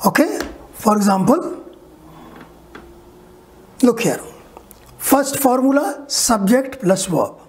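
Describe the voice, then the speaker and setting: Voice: mid-range voice, big pitch swings, takes it slowly, long pauses. An English teacher giving a recorded lesson, saying each example word twice and checking in with the listener.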